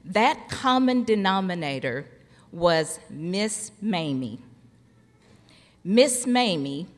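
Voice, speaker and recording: A middle-aged woman giving a commencement speech, telling humorous family stories with a slow, deliberate delivery and pauses for laughs. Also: on the low side. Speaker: commencement speaker, former college faculty member. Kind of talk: formal ceremony speech with humorous storytelling. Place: large hall at a graduation ceremony. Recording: long reverb of a large hall.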